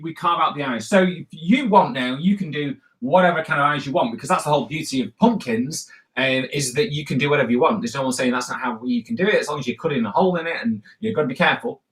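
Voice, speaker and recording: Casual male cartoonist teaching live, slightly high voice, rambling and full of fillers. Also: fast talker, a bit bright. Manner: rambling, chatty, many fillers and restarts. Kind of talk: casual live drawing tutorial.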